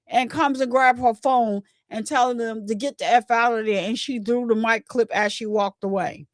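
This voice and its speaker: A woman's voice: fairly high pitch, steady tone, moderate pace, hardly any pauses, no echo. A woman hosting a casual commentary livestream, chatting along and bleeping her own swear words.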